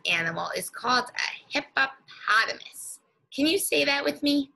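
A woman teacher leading a guided reading lesson for young children, speaking slowly and encouragingly and stretching out words. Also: sits high, lively intonation, creaky, bright, forceful tone, low-quality recording.

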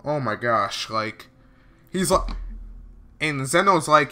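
A man reacting live to what he is watching, his high voice swinging widely between hushed murmurs and excited outbursts. He talks in an unhurried, drawn-out way, full of casual slang. His tone is bright and forward. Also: faint music behind. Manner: excitable, bursting into exclamations and laughs; slangy, casual filler talk. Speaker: reaction video host.

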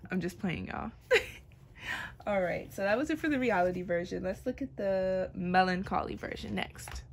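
A woman's voice: mid-range voice, lively intonation, unhurried, pauses often. A young woman chatting playfully as she unboxes an album, laughing and complaining dramatically. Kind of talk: casual unboxing chat.

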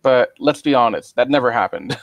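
A man co-hosting a casual podcast, relaxed and candid, rambling through his opinions with small stumbles. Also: medium pitch, moderate pace, no echo. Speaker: podcast co-host.

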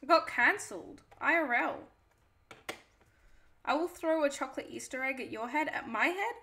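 A woman's voice: high-pitched, normal speed, bright, forceful tone. A woman live streamer chatting casually and playfully, reading her chat aloud and answering it.

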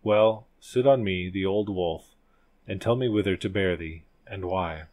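A man's voice: low-pitched, a little slow, a little mellow. A man doing an old grey storybook wolf. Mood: kindly. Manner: solemn archaic storybook speech. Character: big old grey male wolf, gruff yet kindly.

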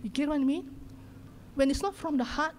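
A woman's voice: high-pitched, a little fast, a little hiss or hum. Singaporean woman pastor preaching passionately. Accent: Singaporean English. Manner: impassioned, shifts between loud exhortation and hushed whispers. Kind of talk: sermon. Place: church sanctuary.

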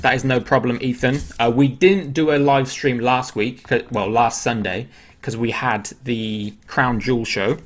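A man's voice: mid-range voice, fairly even intonation, unhurried. A man hosting a live stream, chatting casually and joking about each card as he opens it.

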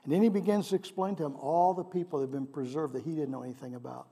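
A man's voice: fairly high pitch, steady tone, racing, warm tone, breathy edge. A male pastor delivering a sermon in a conversational way, often putting questions to his congregation. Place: church sanctuary. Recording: long reverb of a large hall.

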